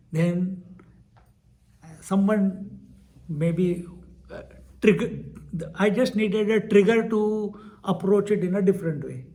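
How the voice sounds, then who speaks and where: A man with an Indian accent gives a spiritual discourse in a fairly high voice. He recounts an anecdote with animated delivery, laughs often and slips into Hindi phrases. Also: takes it slowly, long pauses. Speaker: spiritual teacher. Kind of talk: storytelling discourse.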